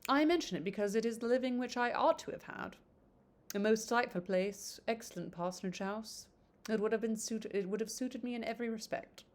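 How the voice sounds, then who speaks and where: A woman reading a charming, smooth-talking young man's lines in a storybook reading, with halting stumbles. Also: a little high, natural voice. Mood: wistful.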